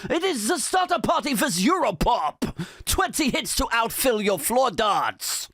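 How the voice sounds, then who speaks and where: A man putting on a cheesy Europop compilation announcer with a mock Lithuanian accent, loud and brash. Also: very high voice, very animated, a little slow, dry recording, clean studio sound, voice pushed up, exaggerated voice. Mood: hyped.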